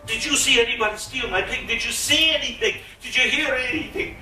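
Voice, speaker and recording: A high, pleading, bright voice of a gullible, henpecked village man, put on by a man telling the tale. He whines and frets in a panic. The sound is roomy and comes from a mic some way off. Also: fairly quick, soft background music, heavily acted. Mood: panicked. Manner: whining, pleading. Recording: roomy echo, mic at a distance.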